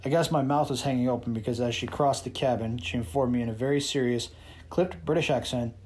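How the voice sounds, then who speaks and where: A man's voice: mid-range voice, fairly even intonation, fast talker, a little mellow, husky. A man reading a first-person novel aloud as narrator, in a wry, sarcastic and boastful manner.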